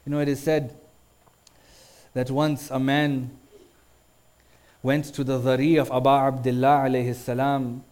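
A man's voice: mid-range voice, flat delivery, measured pace, pauses often, darkish tone. A man delivering a sermon, telling a story and rising into mournful chanted recitation. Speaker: religious speaker.

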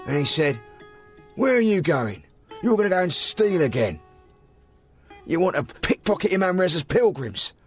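A man's voice: sits high, very animated, normal speed, long pauses, faint music behind. An actor dubbing an anxious man who soothes and reassures the person he talks to while hiding his own troubles. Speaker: shopkeeper. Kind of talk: dubbed film dialogue.

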